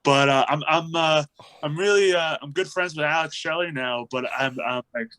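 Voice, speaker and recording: A man in his thirties, a wrestler casually telling an animated story in an interview and acting out the quotes. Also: fairly high pitch, moderate pace, clear, resonant tone, rough recording. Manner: animated storyteller, acts out quotes, laughs often.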